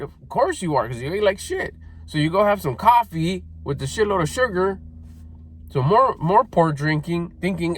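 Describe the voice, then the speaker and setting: A middle-aged man delivers a confrontational motivational talk, swearing casually and mimicking people's whiny excuses. His voice sits slightly high for a man and leaps up and down with lively, animated pitch. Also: moderate pace. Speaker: motivational speaker. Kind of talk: blunt motivational monologue.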